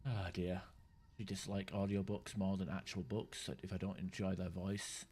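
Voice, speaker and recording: A man with a low voice talks casually over his gameplay, chatting with viewers as he plays. He rambles in stop-start bursts and swears without a second thought. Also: level tone, moderate pace, darkish tone, a little hiss or hum. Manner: chats with viewers while playing. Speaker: gaming streamer.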